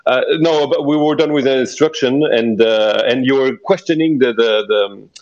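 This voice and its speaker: A man's voice: medium pitch, darkish tone, highs cut off. A man running an improvised tabletop role-play over a voice call, hesitant and full of restarts. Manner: halting, many restarts and fillers. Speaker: game master and player.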